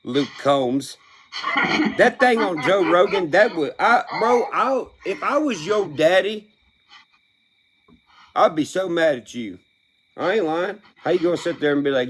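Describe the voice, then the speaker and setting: A man's voice: high voice, animated, measured pace, pauses often, husky. A young man, a country music artist, ranting bluntly with heavy swearing. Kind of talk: profane opinion rant.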